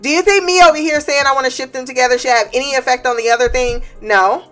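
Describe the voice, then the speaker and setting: A woman with a somewhat high voice rants heatedly as host. She is blunt and profane, and her swearing sounds unfiltered. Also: fast talker, fairly bright tone, soft background music. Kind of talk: ranting commentary.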